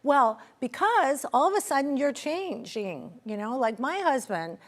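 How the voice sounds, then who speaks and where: A middle-aged woman guest in a conversational interview, talking expressively and acting out quoted dialogue. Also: a little slow. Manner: expressive, acts out quoted dialogue with pitch jumps. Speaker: interview guest, menopause advocate.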